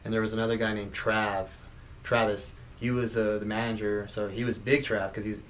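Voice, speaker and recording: A man's voice: fairly low pitch, flat delivery, a little fast, slight background noise. A man in his thirties, a podcast guest, talking casually and laughing often. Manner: laid-back, laughs often. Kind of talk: casual chat.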